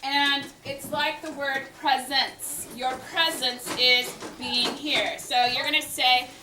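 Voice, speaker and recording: Slow-talking high-voiced woman teacher. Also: little pitch movement, sharp tone. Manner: slow, drawn-out cue words. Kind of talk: classroom instruction. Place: classroom. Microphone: worn teacher mic, recorded from a distance. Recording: echoey classroom mic from far off. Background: classroom noise.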